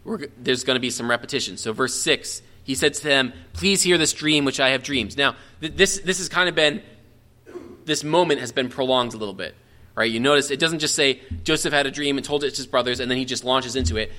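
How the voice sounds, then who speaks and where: A man's voice: medium pitch, fairly quick, pushed and bright. A man teaching a verse-by-verse Bible study in a conversational, explanatory way, often restarting phrases and checking in with his listeners. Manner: frequent restarts and self-corrections.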